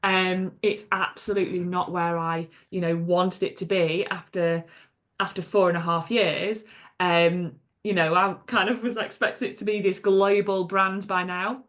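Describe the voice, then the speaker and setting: A woman's voice: lowish voice, steady tone, a little slow, fairly bright tone. A woman hosting her own podcast as a coach, talking unscripted, chatty and emphatic, with lots of fillers and blunt swearing. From England. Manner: chatty and emphatic, frequent fillers and "okay?" asides. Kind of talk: unscripted solo podcast monologue.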